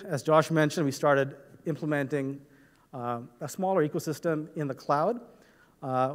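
A man with a slightly raised voice gives a technical presentation in a large hall, and his words carry a long reverb tail. He explains step by step, often pausing on "uh" and checking in with "right?". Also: a little high. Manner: explanatory, frequent "right?" and "uh" fillers. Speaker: conference presenter. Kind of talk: technical conference talk.

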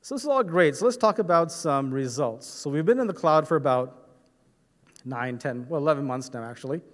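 A man's voice: a little high, lively intonation, brisk. A man giving a technical conference talk, explaining step by step with frequent fillers and "right?" checks. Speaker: conference presenter. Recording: reverberant hall.

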